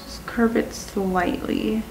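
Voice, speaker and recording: A woman explaining a makeup look step by step in a calm talk-through while she works, sometimes dropping to a whisper. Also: mid-range voice, slow pace, creaky, soft background music, low-quality recording. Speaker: makeup tutorial host.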